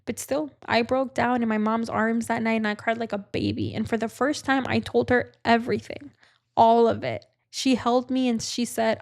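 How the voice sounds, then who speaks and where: A woman's voice: a little high, fairly even intonation, normal speed. A young woman hosting a podcast, telling a personal breakup story in a candid, emotional, confessional way. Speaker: podcast host.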